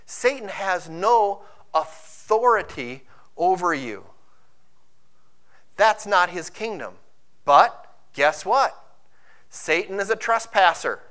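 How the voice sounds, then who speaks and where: A man preaching a sermon who quotes scripture and acts out inner voices, swinging between hushed, intimate lines and loud, urgent preaching. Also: sits high, big pitch swings, takes it slowly. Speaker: pastor.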